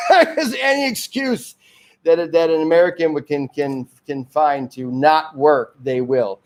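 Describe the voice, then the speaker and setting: A man's voice: fairly high pitch, a little slow. Rambling, chuckling man from Detroit. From Detroit area, Michigan. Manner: digressive, chuckling often, trailing off and restarting. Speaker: host of a homemade magazine show. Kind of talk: rambling casual monologue.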